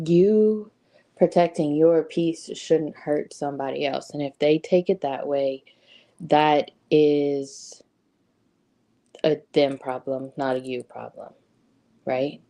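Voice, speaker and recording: A woman's voice: a bass voice, warm tone. A woman giving a casual motivational talk, conversational, with frequent ums and rhetorical "right?" questions. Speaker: host.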